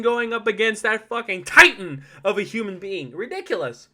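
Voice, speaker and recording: Excitable young-sounding podcast guy, bright voice. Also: fairly quick, hardly any pauses. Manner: animated, swears a lot, laughs often; swings between loud outbursts and low asides. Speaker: podcast host. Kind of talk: solo podcast monologue.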